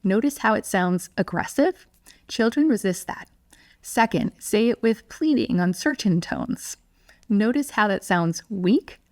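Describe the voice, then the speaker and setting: A woman parenting educator talks through a scripted lesson. Her delivery is calm, clear and steady, at a middle pitch. The sound is dry and close. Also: unhurried, dry recording. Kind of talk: scripted teaching monologue.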